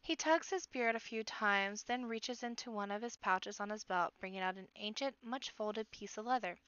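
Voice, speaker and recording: A woman reading a children's book aloud, lively and expressive. Her voice is smooth and clear, dry and close, with a slightly muffled sound. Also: medium pitch, moderate pace, dry recording.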